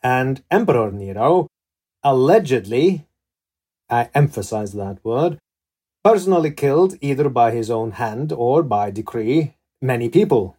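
A man's voice: medium pitch, lively intonation, normal speed, dark tone. Male podcast host, casual questions, reads prepared passages. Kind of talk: podcast interview.

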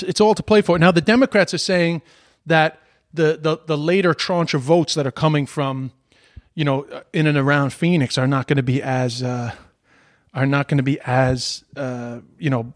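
A high-voiced man hosts a casual podcast, cursing freely as he rants and jokes. His voice sits dry and close, with no room around it. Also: normal speed, no room sound. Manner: heavy swearing, animated ranting. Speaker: podcast host. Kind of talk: casual chat.

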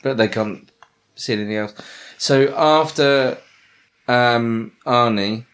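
A man, co-hosting a podcast in a casual chat, halting and restarting often and joking in slang. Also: medium pitch, fairly bright tone. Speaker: podcast co-host.

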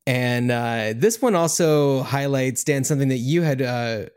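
A man's voice: medium pitch, measured pace, a little mellow, smooth. A man co-hosting a casual film-review podcast, rambling with lots of fillers and hedges. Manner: rambling, hedging, many fillers. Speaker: podcast co-host.

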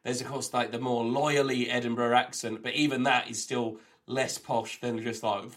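A man's voice: medium pitch, little pitch movement, normal speed, few pauses, fairly bright tone. Rambling man sharing trivia on a podcast. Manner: rambling, enthusiastic trivia-sharing with many fillers. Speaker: co-host. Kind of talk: comedy podcast chat. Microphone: remote call, recorded on own end.

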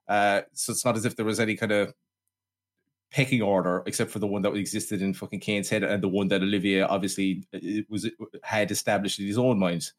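A man's voice: lowish voice, flat delivery, fairly quick. A man co-hosting a film podcast in casual chat, blunt, sweary and sardonic. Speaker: podcast co-host.

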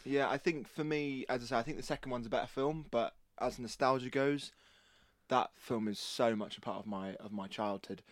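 A man's voice: mid-range voice, normal speed, dry recording, studio quality. A man co-hosting a casual podcast chat, talking enthusiastically and rambling. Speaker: podcast co-host.

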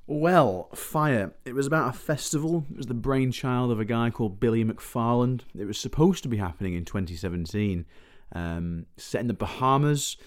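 A man, a film enthusiast guest on a podcast, summing things up in a relaxed, plain way. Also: mid-range voice, normal speed, few pauses. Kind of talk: casual chat.

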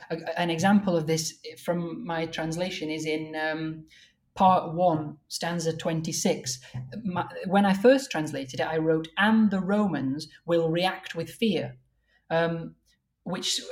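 A woman with a somewhat low voice talks through the craft of translating old verse. Her explanations are careful and thorough, and she slows right down to read poetry aloud. It sounds like an academic conversation. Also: darkish tone. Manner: careful and explanatory, reads verse lines slowly and deliberately.

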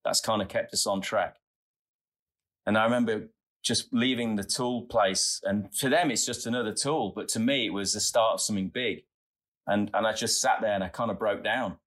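A man's voice: on the low side, moderate pace, a bit bright. A middle-aged Australian man telling earnest, chatty stories as a guest in a casual interview. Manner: earnest, chatty, tumbling anecdotes. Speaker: podcast guest, founder.

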